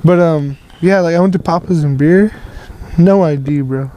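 Young male co-host, casual and profane, a bit high-pitched with a mellow tone. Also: normal speed, slight background noise, low-quality recording. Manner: rambling, profane, heavy on filler words. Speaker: podcast co-host. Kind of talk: casual chat.

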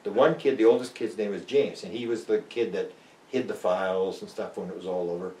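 A man's voice: lowish voice, a little fast, mellow. An older man, a guest author rambling through stories with many restarts and acted-out quotes. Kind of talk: rambling storytelling interview. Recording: roomy and distant.

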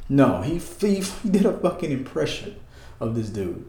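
A man's voice: mid-range voice, big pitch swings, moderate pace, mellow, echoey room, a little hiss or hum. A man talking in a casual, heated political rant, emphatic and repetitive, with frequent restarts. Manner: heated, emphatic, repeats himself, restarts often.

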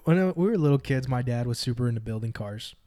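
A twenty-year-old man chatting as a guest musician. He keeps up a joking, teasing tone in a voice of ordinary middle pitch. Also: lively intonation, fast talker, warm tone. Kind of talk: casual chat.

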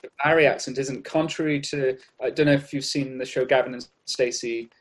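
A man's voice: mid-range voice, steady tone, fairly quick, husky. A middle-aged man from Wales with a light South Walian accent, talking casually as an interview guest, rambling with many restarts. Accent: South Walian, Cardiff. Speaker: guest artist. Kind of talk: casual conversation.

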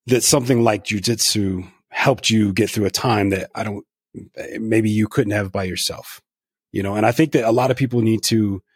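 A middle-aged man with a husky, somewhat low voice, hosting a podcast interview. He talks frankly and reflectively and swears freely. The sound is dry and close, with no room echo. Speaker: podcast host. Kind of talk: candid conversational interview.

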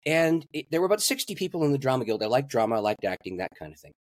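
A man's voice: mid-range voice, sing-song, racing, no echo, studio quality. A man, a pastor and guest, telling a story in an interview and laughing at his own stories.

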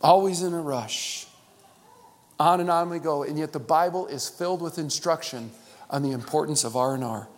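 A man's voice: a little high, moderate pace. Man preaching in a big reverberant hall. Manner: preaching with call-and-response, swinging between loud and hushed. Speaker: pastor. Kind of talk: sermon.

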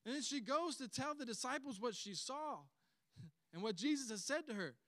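Animated pastor, high voice. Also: male voice, moderate pace, dry recording. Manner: animated storytelling with chuckles. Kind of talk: sermon.

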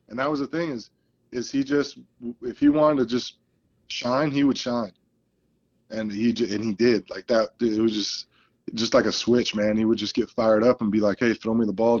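A man in a casual interview, a football coach telling game stories with plenty of life. He acts out what players and coaches said as he goes. His pitch sits in the middle, and the sound is a little dull and lo-fi. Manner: animated storyteller, acts out quoted lines.

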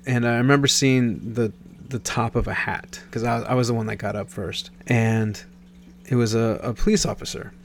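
A Nebraska man in his thirties tells a casual personal story, rambling and often correcting himself mid-sentence with many restarts. His mid-range voice has fairly even intonation at a normal speed, with slight background noise.

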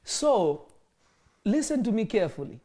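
A woman's voice: mid-range voice, sing-song, moderate pace, warm tone. A woman teaching scripture, pressing her listeners with questions and laughing often. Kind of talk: interactive Bible teaching.

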